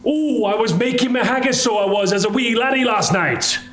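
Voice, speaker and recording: A man's voice: very high voice, normal speed, a bit bright, roomy sound, a little hiss or hum, voice pushed up. A man doing an exaggerated, sing-song put-on Scottish brogue as a folksy, boastful Scotsman. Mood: cheery.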